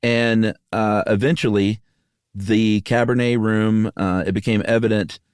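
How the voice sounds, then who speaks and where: Deep-voiced man explaining steadily. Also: unhurried, clear, resonant tone, no room sound. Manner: steady and explanatory, frequent "uh" fillers, dry asides. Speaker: podcast co-host. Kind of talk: casual conversational storytelling.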